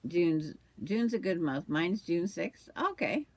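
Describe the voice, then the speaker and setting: A woman's voice: lowish voice, sing-song, slow, no echo. An older woman hosting a quilting livestream, chatting casually with viewers while she sews and trims fabric, with the hiccups.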